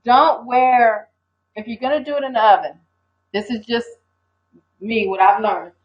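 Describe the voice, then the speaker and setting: A woman's voice: fairly high pitch, measured pace. An older woman hosting a casual livestream, talking in a rambling, hesitant way and answering viewers. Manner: rambling, hesitant, reads viewer comments aloud. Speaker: livestream host. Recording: dull lo-fi stream audio.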